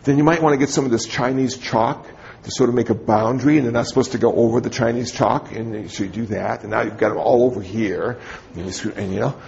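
A man's voice: mid-range voice, steady tone, fast, creaky, a little mellow, muffled recording, a little hiss or hum. A man, a Buddhist teacher, giving a dharma talk to a group in a conversational, humorous storytelling manner.

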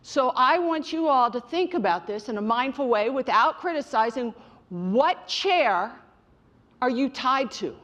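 A woman's voice: sits high, animated, unhurried, a bit bright, lo-fi sound. A middle-aged woman giving a direct, emphatic motivational talk on mindfulness to an audience she calls you guys. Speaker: mindfulness speaker.

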